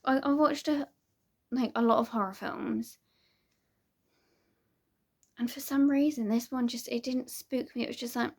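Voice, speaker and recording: A young woman talks casually to her viewers, wandering between thoughts with plenty of ums and soft laughs. Her voice sits a little high and carries a gravelly edge of vocal fry. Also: fairly even intonation, unhurried, long pauses. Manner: chatty and rambling, with frequent ums and laughs. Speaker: vlogger. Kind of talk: casual chat to camera.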